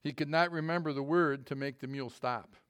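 A middle-aged pastor preaching a sermon in a folksy, self-deprecating way, with halting restarts and a joke story told to the congregation. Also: male voice, on the high side, a bit bright, clean tone.

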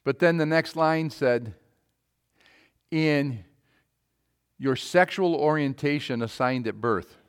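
A man preaching a sermon, with emphatic calls that swing to quiet, low asides. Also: slow pace, long pauses, clean tone.

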